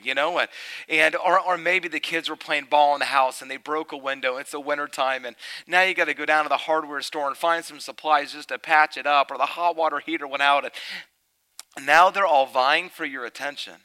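A middle-aged man preaching a sermon. He tells a family story, then turns loud and emphatic. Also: a little high, a little fast, rough recording.

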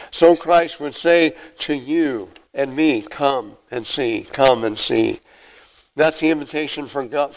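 An older man preaching a sermon with emphatic repetition and sudden loud swells of emphasis. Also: fairly high pitch, rough recording. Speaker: pastor.

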